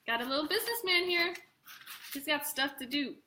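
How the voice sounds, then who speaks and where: A woman reads a children's picture book aloud to young listeners. Her voice sits high and sounds bright, and she keeps the telling lively, stopping to point out what is in the pictures. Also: fast talker. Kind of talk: read-aloud to children on a live stream.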